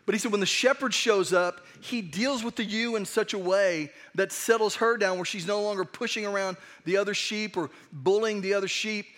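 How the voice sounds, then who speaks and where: A man's voice: sits high, normal speed, hardly any pauses, a bit bright. A man preaching a sermon as pastor, conversational and earnest, often restarting his sentences. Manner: conversational, earnest, with frequent restarts and acted asides.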